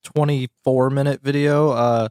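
A man's voice: medium pitch, little pitch movement, measured pace, a little mellow, no echo. Man co-hosting, dry close sound. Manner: short interjections and laughs, steers to the next topic. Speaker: podcast co-host. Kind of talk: casual podcast chat.

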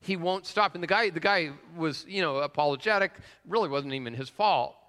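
A man's voice: fairly high pitch, a little fast, fairly bright tone, clear, resonant tone. A man preaching a conversational sermon and telling a personal story, with frequent "uh" fillers and questions put to the congregation. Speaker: pastor. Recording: long reverb of a large hall.

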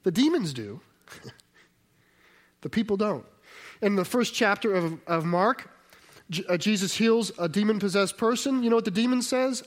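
Delivering a chatty sermon, this high-voiced man sounds expressive and talks at an ordinary pace. Rhetorical questions to the congregation come often, and his sentences get restarted and self-corrected partway through.

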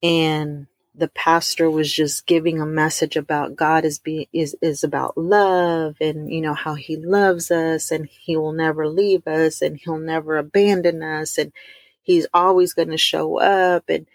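A middle-aged woman, telling a heartfelt personal testimony to her listeners, warm and emotional, calling them y'all. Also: deep voice, flat delivery, no echo, clean studio sound. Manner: emotional, addresses listeners as y'all, drawn-out emphasis. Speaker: host of a faith talk stream.

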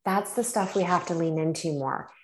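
A woman with a low voice tells a personal story in a relaxed, chatty way. She leans on fillers and acts out her own reactions as she goes. The sound carries some room echo. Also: moderate pace. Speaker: podcast guest. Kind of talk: casual storytelling chat.

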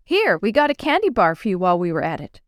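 A woman's voice: medium pitch, big pitch swings, quick pace, dry recording, studio quality, natural voice. A woman voicing a sly, pushy schoolboy ringleader in a storybook reading. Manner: coaxing, pushy.

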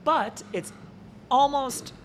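A woman's voice: sits high, slow pace, slight background noise. A woman guest on a casual podcast, explaining wine in detail and laughing easily.

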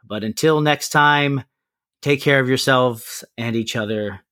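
A man's voice: medium pitch, measured pace, a bit bright. Easygoing man co-hosting a podcast. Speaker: podcast co-host. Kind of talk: casual podcast outro chat.

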